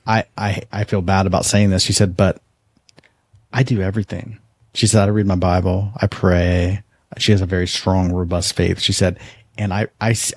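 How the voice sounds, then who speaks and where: A man hosts a podcast, his voice low, gravelly and a little husky. He tells a long story earnestly, restarting and repeating words as he goes. The recording is dry and close to the mic. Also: darkish tone, no echo. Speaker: podcast host. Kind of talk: casual conversation, storytelling.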